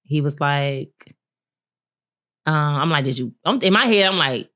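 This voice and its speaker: A woman with a low voice co-hosts a podcast and tells a personal story in casual chat. She talks candidly and acts out the quotes of the people in it. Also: unhurried. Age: adult, married with a son. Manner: candid, animated retelling with laughs and acted-out quotes. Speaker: podcast co-host.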